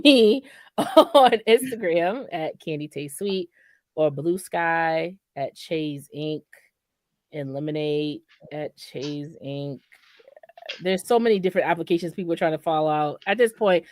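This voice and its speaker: A woman co-host in casual chat, animated and jokey, firing off questions. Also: on the low side, no echo.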